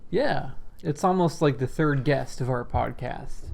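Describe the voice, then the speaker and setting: A man with a gravelly, dark voice co-hosts a comedy podcast, speaking slowly. His replies are short, dry and deadpan. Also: medium pitch. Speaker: podcast co-host.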